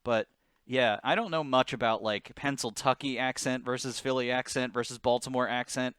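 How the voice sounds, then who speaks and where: A man's voice: medium pitch, fairly even intonation, moderate pace, a bit bright, clear, resonant tone, dry recording, studio quality. A man co-hosting a podcast, talking in a rambling, casual way and laughing often. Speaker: podcast co-host. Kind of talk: casual chat.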